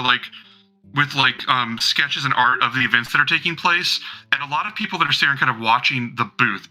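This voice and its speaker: A man's voice: mid-range voice, bright, forceful tone, poor audio. A man narrating as game master of a tabletop role-playing game, rambling casually with many fillers and the odd swear.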